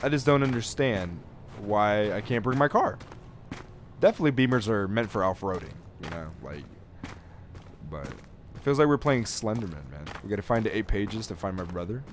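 A man's voice: lowish voice, animated, moderate pace, a little hiss or hum. A young man chatting and joking through a horror game for his viewers, swearing now and then. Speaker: gaming youtuber. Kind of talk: let's play commentary.

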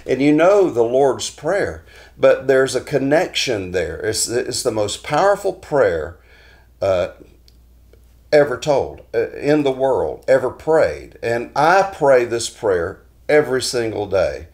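A man hosting a weekly devotional talk, telling stories in a folksy, unhurried way full of restarts. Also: medium pitch, big pitch swings, darkish tone. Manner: folksy storytelling with frequent restarts.

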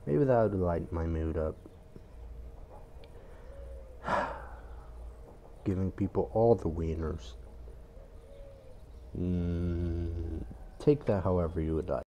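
A man's voice: deep voice, unhurried, pauses often, dark tone, slight background noise. A young man giving casual gameplay commentary as a gaming YouTuber, grumbling and swearing, turning frantic when the game gets hectic, recorded on a phone at home.

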